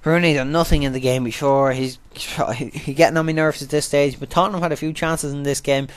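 A man's voice: fairly high pitch, fairly even intonation, a little fast, smooth. A man talking casually over football game footage, chatty and rambling, swearing freely. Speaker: gaming commentator. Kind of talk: casual gameplay commentary voice-over.

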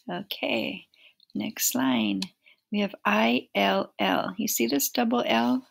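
A woman teaching a first grade phonics lesson, repeating short words slowly and clearly for children to blend. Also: medium pitch, animated. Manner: slow, clear word-by-word repetition.

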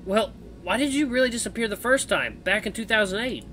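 The quiet first-person hero of a visual novel speaks in a mild, questioning tone, read aloud by a man in close to his own voice. The voice is fairly high and bright. A faint hiss sits under it. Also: expressive, brisk.

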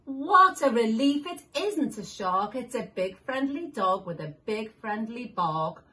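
Bright, slow picture-book reader woman. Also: a little high. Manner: animated, with sound effects and questions to the listener. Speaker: children's story reader. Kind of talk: reading picture books aloud to young children.

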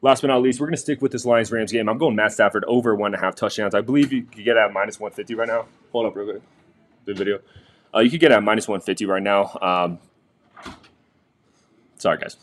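A young man hosting a casual sports betting picks vlog from a quiet room in a busy house, chatty and talking straight to viewers. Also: lowish voice, fast talker. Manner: chatty, restarts sentences, addresses viewers directly.

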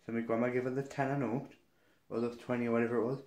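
A man's voice: medium pitch, level tone, quick pace, pauses often, darkish tone. A young man from Newcastle, telling a story in a casual vlog, chatty and gossipy, with some swearing. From Newcastle, England. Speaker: vlogger.

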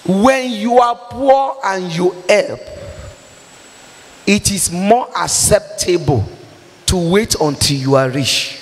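A woman with a Nigerian accent preaching a sermon, exhorting forcefully and breaking into pidgin and shouts. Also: mid-range voice, takes it slowly, in a large hall.

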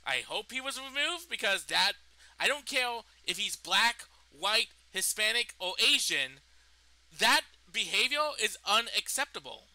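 A man's voice: high-pitched, very animated, measured pace, bright, forceful tone, dry recording, rough recording. A young man in a vlog, indignantly retelling a personal story and swearing freely. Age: young adult. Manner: indignant, profane retelling of events. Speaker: vlogger.

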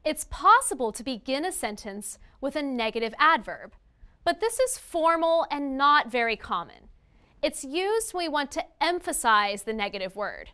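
A woman narrating a scripted grammar lesson, reading example sentences in a clear, deliberate way. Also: high-pitched, bright, forceful tone. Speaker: grammar teacher.

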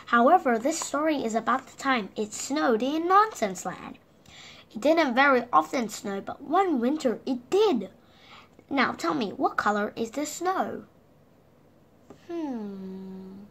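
A woman reads a picture book aloud to young children, taking her time over every phrase. Her somewhat high voice rises and falls with lots of expression. She keeps turning to the listener with playful questions. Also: animated, takes it slowly, fairly bright tone, slight background noise. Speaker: children's story reader.

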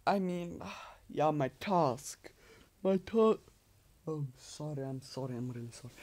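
A man giving casual commentary while playing a game, rambling and muttering to himself, sometimes quiet and sometimes loud. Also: fairly high pitch, animated, unhurried. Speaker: gamer with own channel. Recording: loud background noise.

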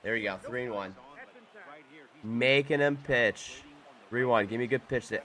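A young man giving live gameplay commentary, muttering to himself one moment and shouting in excitement the next. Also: medium pitch, moderate pace, pauses often. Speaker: gaming YouTuber.

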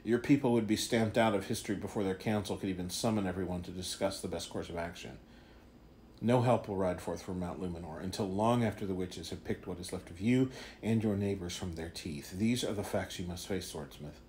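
A man voicing a calm, mysterious hooded stranger with a measured, knowing, faintly wry delivery. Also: low voice, slight background noise, close to an everyday voice. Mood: ominous.

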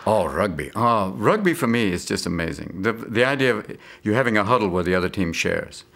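Gravelly low man riffing comically. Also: animated, fairly bright tone. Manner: rapid-fire comic riffing, jumping into voices and whispers. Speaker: actor and comedian guest. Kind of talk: interview with comic riffs.

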